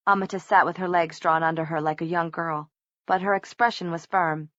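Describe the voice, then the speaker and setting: A woman reading an audiobook aloud in an even, measured way. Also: fairly low pitch, no echo, dull audio. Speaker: audiobook narrator. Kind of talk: scripted narration.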